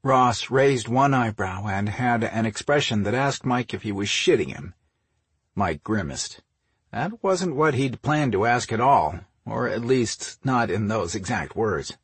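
A man reading an audiobook story in a steady, measured narration. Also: fairly low pitch, slightly rough, dry recording. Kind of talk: scripted narration.

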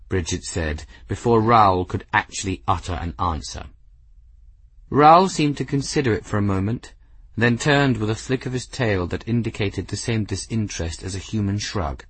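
A male narrator reads a fantasy novel with measured, expressive storytelling. His voice is deep and husky, with lively pitch. The recording is dry and close. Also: no echo. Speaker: audiobook narrator. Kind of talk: scripted narration.

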